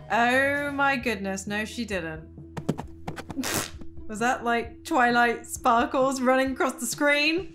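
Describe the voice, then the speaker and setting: A bubbly woman YouTuber reacting to videos, chatting in an excited, exclamatory way. Her voice sits high and leaps around with lively swings of pitch, over a faint bed of music. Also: normal speed.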